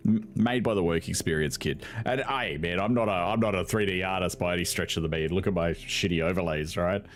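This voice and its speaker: A man's voice: deep voice, a little fast, faint music behind. A young man commentating on a video game in a casual, sarcastic way, swearing freely and laughing often. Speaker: gaming video host.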